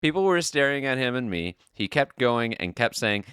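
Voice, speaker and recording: A man hosting a podcast, chatting casually and reading an online post aloud as an animated storyteller who swears freely. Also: mid-range voice, moderate pace, few pauses, clear, resonant tone, no room sound, clean studio sound. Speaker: podcast host.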